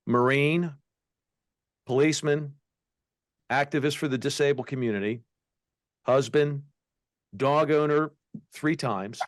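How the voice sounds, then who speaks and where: A man's voice: medium pitch, measured pace, pauses often, no room sound, clean studio sound. A man hosting a podcast, introducing a guest in a playful, teasing way.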